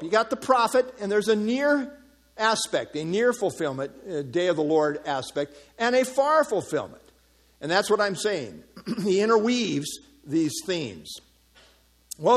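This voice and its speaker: A man preaching an expository sermon, teaching earnestly from scripture with informal asides. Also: sits high. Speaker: pastor.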